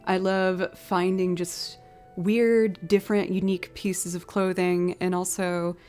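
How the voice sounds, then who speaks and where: Young woman streamer, low voice, casual chatty storyteller, faint music underneath. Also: level tone, takes it slowly, darkish tone, clear, resonant tone. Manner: chatty storytelling, reads out donations. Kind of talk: casual live-stream chat.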